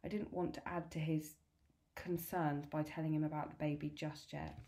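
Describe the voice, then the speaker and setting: A gentle, loving mother from a read-aloud storybook, as a woman reads her lines. She speaks low and reassuringly, in a plain voice close to the reader's own. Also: little pitch movement, moderate pace.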